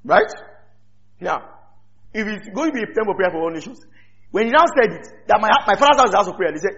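A man's voice: sits high, animated, brisk, pauses often, a bit bright. A man preaching a sermon, teaching with rhetorical questions to his congregation. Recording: slightly dull lo-fi recording.

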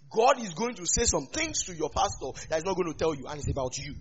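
A man with a Nigerian accent preaching a sermon as a pastor, animated, with sudden loud rises. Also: on the high side, quick pace, few pauses, muffled recording, a little hiss or hum.

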